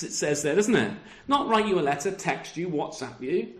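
A man's voice: high-pitched, sing-song, normal speed, few pauses, roomy sound. A middle-aged man preaching a sermon over a video call, talking conversationally and often ending with tag questions. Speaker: pastor.

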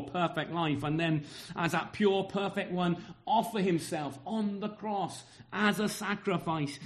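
A man preaching a sermon, earnest and emphatic, often repeating words as he builds his point and speaking partly to the children present. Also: fairly high pitch. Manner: addresses children in the congregation.

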